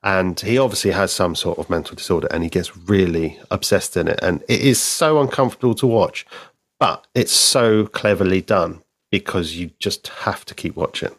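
Deep-voiced, measured male podcast guest. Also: dry recording, studio quality. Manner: measured, thoughtful, drawn-out phrasing. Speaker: podcast guest, co-host of another show. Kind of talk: casual chat about comics.

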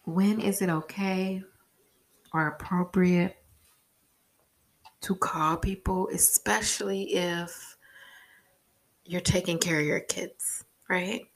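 Woman rambling on her vlog, kinda low voice, swears a lot, takes her time. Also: fairly even intonation, slow, pauses often. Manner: frank, rambling, swears casually. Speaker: parent vlogger. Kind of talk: candid personal vlog.

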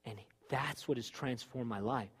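A man preaching a sermon with fervor, moving from loud exhortation to quiet, confessional talk. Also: mid-range voice, normal speed, breathy edge.

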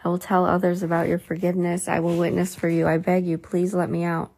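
A woman's voice: lowish voice, monotone, fast talker, darkish tone. A woman reading the lines of a damned woman who begs to be let out of the flames, in a storybook reading. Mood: pleading. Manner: pleading.

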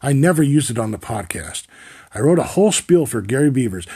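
A man's voice: medium pitch, expressive, fairly quick, warm tone, slightly rough. A man in his forties hosting a podcast, telling a story in a wry, profane, rambling comic monologue. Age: 40s. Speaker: podcast host.

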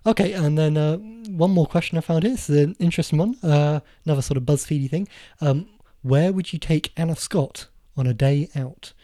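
Brief: male podcast co-host, warm low-key tone, playful quizmaster asides. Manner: teasing, quizzes his co-host with quick asides. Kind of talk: casual film podcast chat.

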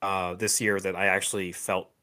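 A man co-hosts a podcast in casual chat, his low voice pushed and bright with little pitch movement. He talks haltingly, with lots of fillers, restarts and frequent little laughs.

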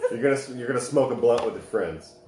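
A man hosting a casual game of accents, animated and swearing, urging his friends on. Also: medium pitch, fast. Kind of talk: casual chat, game host. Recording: echoey room with background noise.

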